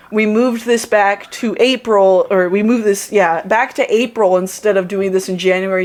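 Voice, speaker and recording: A woman hosting a livestream's closing remarks, thanking the team in a bubbly, effusive way. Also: medium pitch. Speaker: convention staff host.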